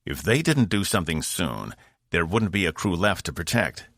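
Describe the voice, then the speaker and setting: A man narrating a science fiction audiobook in a measured storytelling voice. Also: low voice, sing-song, fairly bright tone, no echo, studio quality. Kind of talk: scripted narration.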